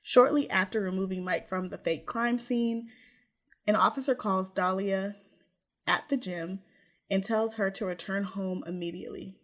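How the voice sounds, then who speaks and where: A woman's voice: mid-range voice, normal speed. Woman co-host telling a true crime story. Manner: lively narration with playful asides. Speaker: podcast co-host.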